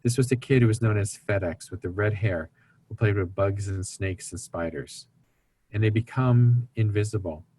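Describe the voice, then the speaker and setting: A man's voice: lowish voice, normal speed, warm tone, a little hiss or hum. A man speaking as an interview guest, explaining family dynamics in an earnest teaching tone and acting out the voices of people he quotes. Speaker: guest speaker on recovery ministry.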